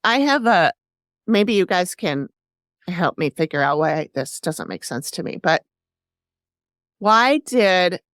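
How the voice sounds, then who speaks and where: A woman's voice: lowish voice, big pitch swings, takes it slowly, pauses often, a bit bright, dry recording, clean studio sound. A woman co-hosting a podcast, talking casually and bluntly and questioning things skeptically. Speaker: podcast co-host.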